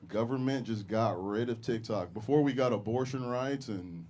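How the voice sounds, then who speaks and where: A young man doing a stand-up comedy set on a club stage, with crude, deadpan delivery and frequent chuckles at his own jokes. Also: medium pitch, measured pace.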